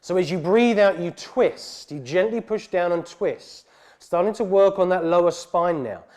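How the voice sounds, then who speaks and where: A man teaching a guided yoga class, calmly cueing breaths and poses. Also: sits high, a little slow. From England. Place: heated yoga studio.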